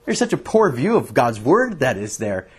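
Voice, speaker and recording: A man's voice: medium pitch, moderate pace, husky. A man preaching a sermon as a pastor, telling stories earnestly and often restarting his sentences. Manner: earnest, animated storytelling with frequent restarts.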